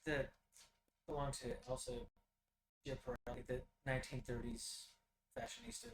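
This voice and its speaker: A man speaking in character during a tabletop game, rambling and hesitant with restarts. The room is echoey and noise sits clearly behind him. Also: mid-range voice, very animated, moderate pace. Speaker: player.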